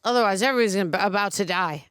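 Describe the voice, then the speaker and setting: A woman co-hosting a movie reaction, full of excited exclamations, cheering the characters on. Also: medium pitch, rapid-fire, noisy background. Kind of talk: casual reaction chat over a movie. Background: movie soundtrack playing.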